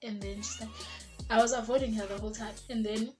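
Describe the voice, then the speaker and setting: Speaking fast in a fairly high, steady voice, a young South African vlogger shares a storytime about her own life. She has a South African accent, mixes Zulu words into her English, and background music plays underneath.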